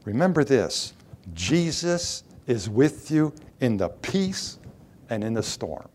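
A man's voice: medium pitch, big pitch swings, slow, a little mellow. A middle-aged man preaching a sermon, asking rhetorical questions and reading scripture aloud.

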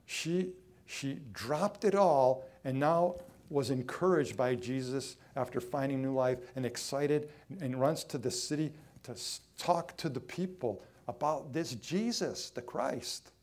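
A man preaching a sermon, emphatic, swinging between loud lines and hushed ones, drawing some phrases out. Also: medium pitch, a little slow. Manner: acts out quoted voices in his own voice.

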